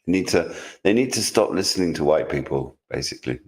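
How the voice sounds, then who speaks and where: A man's voice: low voice, lively intonation, fairly quick. A man co-hosting a livestream news roundup, exasperated and sarcastic, stumbling over restarts as he talks. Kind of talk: casual sarcastic banter.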